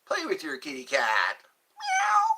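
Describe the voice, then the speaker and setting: A man hosting a casual livestream, reading viewer comments aloud and answering them in a slow, drawn-out, jokey way, often repeating his phrases. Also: medium pitch, big pitch swings, pushed and bright, slightly rough. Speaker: livestream host.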